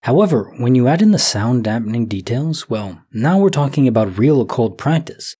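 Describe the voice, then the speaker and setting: Brief: thirties male sleep story narrator, slow and reflective, dark husky tone. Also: medium pitch, sing-song. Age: 30s. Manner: slow, soft, reflective, thinking aloud. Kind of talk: calm musing commentary on listener stories.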